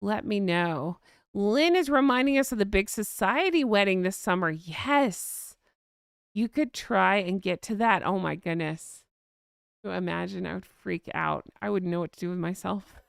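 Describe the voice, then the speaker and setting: A woman's voice: mid-range voice, animated, normal speed, vocal fry, clean tone, dry recording, clean studio sound. A woman hosting a casual live-stream chat, reading out viewer comments in a chatty, gushing way and laughing often.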